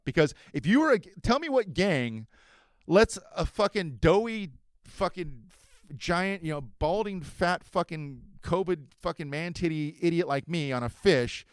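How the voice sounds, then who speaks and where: Profane, animated man in his forties. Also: fairly high pitch, clean tone, dry recording. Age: 40s. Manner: profane, animated and self-mocking. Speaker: podcast host. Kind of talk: casual storytelling.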